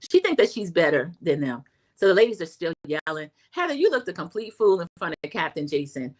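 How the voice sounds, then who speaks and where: A middle-aged woman, chatting through a casual TV recap and acting out quotes in a high voice. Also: very animated, brisk. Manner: chatty, acts out quotes in a high voice, says "y'all". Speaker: recap host.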